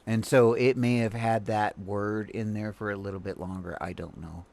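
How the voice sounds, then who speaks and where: A man's voice: lowish voice, fairly even intonation, moderate pace, creaky, a little mellow. Rambling American man hosting a stream. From United States. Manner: rambling, full of fillers and restarts. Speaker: livestream host reacting to a video. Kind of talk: casual commentary.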